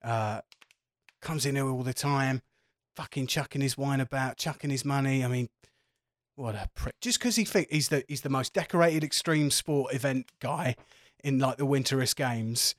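A man's voice: medium pitch, moderate pace, no room sound, natural voice. Guy doing a sweary gossipy barman, chatty, dry close sound. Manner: swears a lot, gossipy, confiding. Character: chatty foul-mouthed male barman, gossipy.

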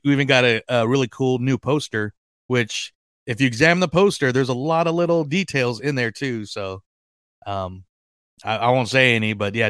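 A man hosts a fan podcast as a casual chat, sounding excitable and rambling with lots of fillers and restarts. His mid-range voice is smooth, and the recording is studio quality with no echo.

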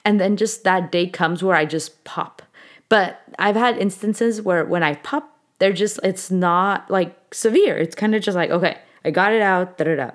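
A woman's voice: fairly low pitch, normal speed. A woman in her late twenties hosting a podcast, telling a personal story in a candid, emotional way and dropping in Spanish words. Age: late 20s. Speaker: podcast host.

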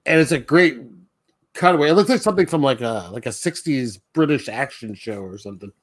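A podcast co-host with a medium-pitched, animated voice talks fairly quickly as he loosely retells a film. The casual movie chat is full of fillers and frequent laughter.

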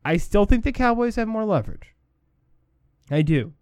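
A man's voice: sits high, very animated, normal speed, darkish tone, smooth, no room sound, clean studio sound. A man hosting a sports talk show, giving opinionated commentary and repeating his points for emphasis.

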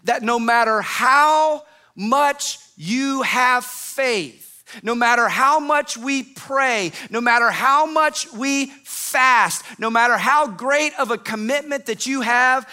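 A male pastor delivering a sermon, emphatic and repetitive, often letting his phrases fall away softly at the end. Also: very high voice, smooth. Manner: emphatic, repetitive preaching with falling phrase endings.

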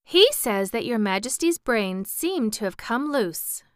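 A woman's voice: on the high side, big pitch swings, unhurried, smooth, no room sound, clean studio sound, pitched above the performer's own voice. A woman voicing a teasing, mischievous young girl interpreter in a storybook reading. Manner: teasing and playful.

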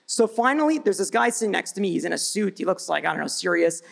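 Male panelist, high and gravelly, energetic blunt storytelling at a live event. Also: fast talker. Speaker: brand founder, panelist. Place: event stage before live audience.

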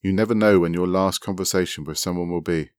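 A man's voice: deep voice, fairly even intonation, fast, smooth, no echo, clean studio sound, close to an everyday voice. A man reading aloud and voicing a shy, matter-of-fact woman in an online chat. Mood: mild.

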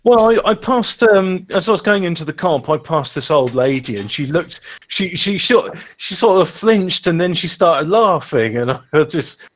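A man in casual podcast chat, deadpan and mock-serious, telling anecdotes with hesitations. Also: a little high, normal speed, few pauses, slight background noise. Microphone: microphone with adjustable gain.

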